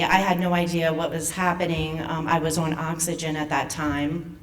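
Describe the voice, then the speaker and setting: A woman in her forties, a foundation president, nervously and emotionally telling her own patient story at an event, with halting restarts. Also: low voice, little pitch movement, distant mic, a little hiss or hum. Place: event hall.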